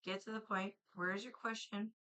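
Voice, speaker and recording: A woman's voice: mid-range voice, steady tone, moderate pace, bright, forceful tone, rough recording. A young adult woman chatting casually on a livestream, blunt and impatient, swearing freely as she talks to her viewers.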